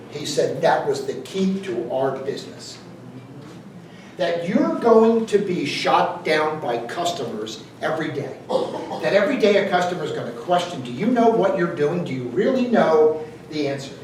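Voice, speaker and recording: A man's voice: high-pitched, darkish tone, a little hiss or hum. A man giving a jokey, conversational motivational speech to a live audience, quizzing the crowd as he goes. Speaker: motivational speaker. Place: event hall with audience. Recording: echoey room, distant mic.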